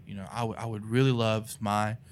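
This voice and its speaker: A man's voice: on the low side, level tone, fairly quick, a little hiss or hum. A man from North Carolina with an Appalachian accent, talking about faith in an earnest, rambling, casual way. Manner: earnest, rambling, many "you know" and "right".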